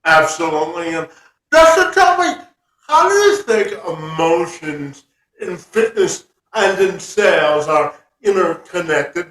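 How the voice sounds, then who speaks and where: A man's voice: sits high, fairly bright tone. A man hosting a podcast, who affirms his guest's answers and asks open questions. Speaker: podcast host. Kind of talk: interviewing a guest. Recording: roomy sound from far off the mic.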